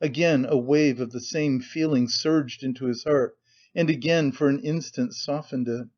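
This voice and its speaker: A man narrating a classic novel as an audiobook in a measured, steady way, in a slightly muffled recording. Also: medium pitch.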